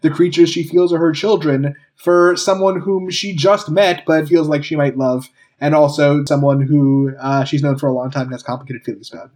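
A man giving measured, articulate analysis in casual podcast chat. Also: a little high, fairly even intonation, a little mellow. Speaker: podcast panelist.

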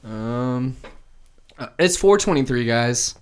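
A man's voice: mid-range voice, lively intonation, takes it slowly, a little mellow, clean tone. A young man co-hosting a casual podcast, rambling and restarting his sentences, often laughing. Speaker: podcast co-host.

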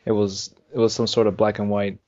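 A man co-hosting a casual gaming podcast, rambling and halting with lots of fillers. His voice sits low and comes through a dull, lo-fi recording. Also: little pitch movement, a little mellow. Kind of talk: casual chat about video games. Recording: dull lo-fi sound.

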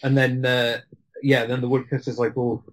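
A man's voice: medium pitch, little pitch movement, normal speed, low-quality recording. A man in casual conversation about a film, rambling with many restarts and frequent laughs.

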